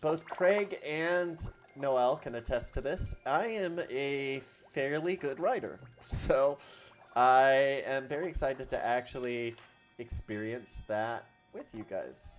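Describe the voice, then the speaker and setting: Slow-talking woman playing a game. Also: extremely low pitch, faint music behind. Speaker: streamer. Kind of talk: casual game commentary.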